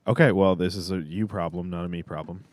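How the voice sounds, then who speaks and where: A man's voice: low-pitched, fairly even intonation, fast talker, darkish tone, no room sound. A man co-hosting a comedy podcast with blunt, profane banter. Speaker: podcast co-host. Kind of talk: casual comedy chat.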